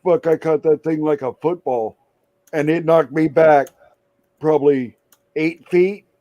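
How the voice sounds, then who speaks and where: Male co-host, blunt profane anecdote teller with a slightly raised pitch; dry recording. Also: measured pace, dry recording, highs cut off. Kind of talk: casual chat.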